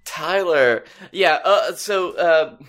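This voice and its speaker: A man's voice: a little high, slow, a bit bright. A man co-hosting a casual podcast chat, laid-back and swearing casually. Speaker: podcast co-host.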